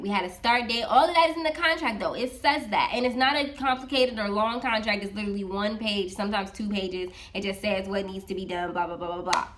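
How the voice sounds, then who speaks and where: Woman animatedly retelling a client story. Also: mid-range voice. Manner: animated, retells dialogue with many "I was like" asides. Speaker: freelance social media manager.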